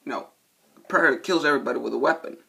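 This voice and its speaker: A man's voice: mid-range voice, fast, gravelly, slight background noise. A man doing a casual, rambling movie review, cursing a lot and losing his train of thought. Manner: profane, excitable, loses his train of thought.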